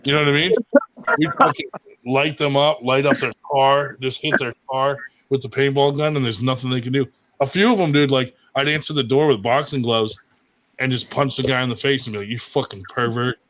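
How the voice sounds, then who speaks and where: A man's voice: mid-range voice, brisk, fairly bright tone. Crude, laughing storyteller man. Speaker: show regular. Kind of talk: casual chat, storytelling.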